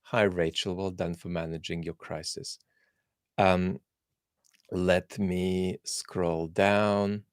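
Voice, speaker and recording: A Russian-born host runs a live Q&A chat, answering viewers and thinking aloud with frequent ums and restarts. His low voice is level, slow, clear and resonant, recorded cleanly in a studio with no room sound.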